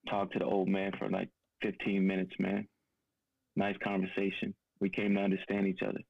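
A man's voice: low voice, monotone, brisk, gravelly, muffled recording, a little hiss or hum. A man co-hosting a podcast, talking in a blunt, profane, casual way and telling a personal story. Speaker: podcast co-host. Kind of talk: casual conversation.

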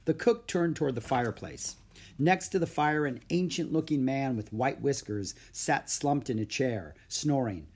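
A man reading a children's book aloud in an expressive storytelling manner. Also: medium pitch, moderate pace, breathy edge. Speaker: narrator.

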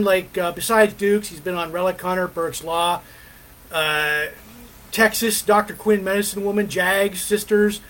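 A man hosting a casual live stream, rambling between topics with many fillers and pauses. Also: high-pitched, fairly bright tone, low-quality recording. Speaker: podcast host.

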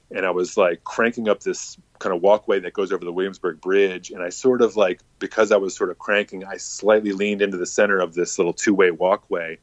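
A man's voice: lowish voice, no room sound, muffled recording. A man telling a casual, rambling story full of swearing and filler words.

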